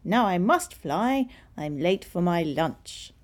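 A woman voicing a crafty, smooth-talking male wolf in a storybook reading, slow, sly and overly polite. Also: lowish voice, very animated.

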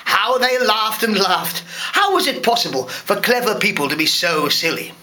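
Expressive dad reading a storybook. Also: male voice, sits high, moderate pace. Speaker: parent reading to a class. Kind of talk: storybook read-aloud.

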